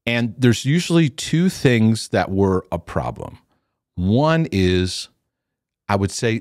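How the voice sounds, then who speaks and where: In clean studio sound with no echo, a former youth pastor in middle age shares stories through relaxed teaching talk. His voice sits on the low side and moves at a slow pace, and he performs the quoted lines with restarts along the way.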